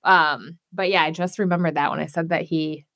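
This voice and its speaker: A woman co-hosting a podcast, recapping a reality show in casual chat, talking fast and loose with lots of fillers and swearing. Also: sits low, steady tone, fairly bright tone, dry recording, clean studio sound. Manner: chatty, swears, many "like" fillers.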